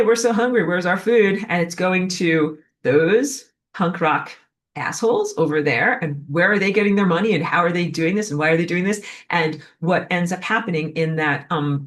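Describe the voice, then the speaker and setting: Chatty woman giving an animated lecture. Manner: animated, acts out quoted voices with jumps in pitch; chatty, heavy use of "like" and fillers. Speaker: online lecturer. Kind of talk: casual spoken lecture.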